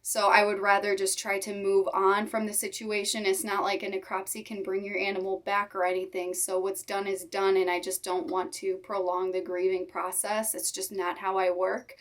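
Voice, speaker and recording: A young woman talks straight to her followers in a heartfelt vlog. Her voice sits at an ordinary mid pitch, and she speaks in halting, sincere phrases while holding back tears. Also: flat delivery. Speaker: reptile keeper vlogger. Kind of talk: emotional personal vlog talk.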